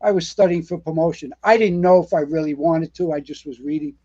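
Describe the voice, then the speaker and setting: A man, pitched noticeably high, spins rambling fire-station stories with plenty of fillers and restarts. The recording sounds dull and lo-fi. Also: fairly quick. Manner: animated storyteller, rambling with many fillers and restarts. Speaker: retired fire captain guest. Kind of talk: casual storytelling interview.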